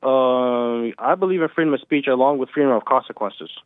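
A man's voice: mid-range voice, a little fast, no room sound. A man calling in to argue heatedly with the host, insistent and repeating himself. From United States. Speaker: caller. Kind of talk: heated call-in argument. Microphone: phone. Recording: tinny phone line.

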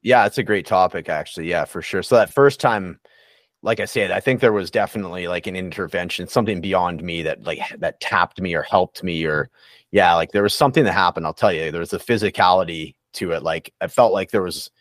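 A man's voice: low voice, fairly quick, a bit bright, no echo, clean studio sound. A man talking candidly and reflectively in a casual podcast interview, with many fillers and restarts. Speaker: recovery coach guest.

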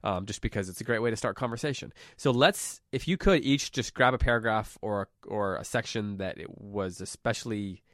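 A man with a lowish voice hosts a book podcast in a loose, chatty way. He rambles a little and corrects himself mid-sentence. The sound is dry and close. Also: brisk, hardly any pauses, a bit bright, no echo. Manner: rambling, self-correcting, friendly. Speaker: podcast host and teacher. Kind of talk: casual podcast chat.

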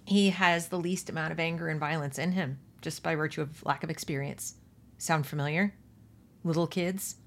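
A woman host reading a novel aloud and then commenting with pointed rhetorical questions. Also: lowish voice. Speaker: podcast host.

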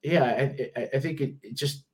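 A man's voice: mid-range voice, moderate pace, a little mellow. A middle-aged man with a Detroit accent in casual podcast talk, rambling with many restarts and fillers. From Detroit area, US. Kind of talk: casual conversation.

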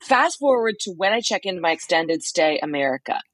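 A woman co-hosting a podcast from a motel room, telling a story in casual chat with quick asides. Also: on the low side, animated, no room sound, poor audio. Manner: chatty storyteller, quick asides and acted-out quotes. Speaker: podcast co-host reporting from a trial.

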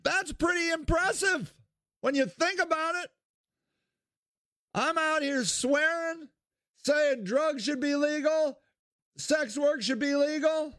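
Ohio guy ranting on his podcast, high voice for a man, slow and blunt, cusses a lot. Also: dry recording, clean studio sound. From Akron, Ohio, US. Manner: blunt, swears freely, animated swings in pitch. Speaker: podcast host and local candidate. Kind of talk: candid solo monologue.

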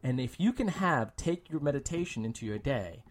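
A man with a mid-pitched voice talks in a reflective, unhurried way. He stumbles and repeats words as he searches for what he wants to say, keeping the tone of a casual podcast chat. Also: animated. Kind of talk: casual conversation.

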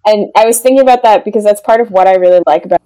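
A woman talks through a song on a casual podcast. She is thoughtful and murmurs agreement often, in an average pitch. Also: rapid-fire, dark tone, poor audio. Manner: thoughtful, frequent affirming murmurs. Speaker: podcast guest. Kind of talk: casual music podcast chat.

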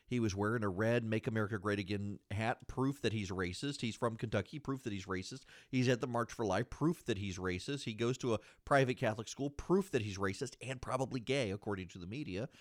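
A man's voice: on the low side, fairly quick, few pauses, dry recording, clean studio sound. A man hosting a podcast, giving solo political commentary in an indignant, argumentative way and repeating phrases for emphasis. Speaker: podcast host.

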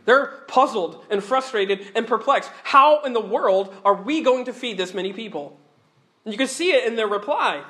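Male preacher with a high voice, animated and earnest, stumbles over and repeats words, sermon delivery. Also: moderate pace.

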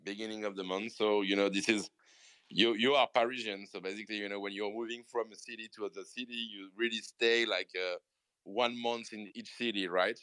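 A man's voice: lowish voice, fairly even intonation, brisk, fairly bright tone, smooth, dry recording, rough recording. A man with a French accent, a native French speaker, hosting a casual morning show with eager, repetitive talk and many fillers. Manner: enthusiastic, repeats words and fillers. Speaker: podcast host. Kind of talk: casual chat.

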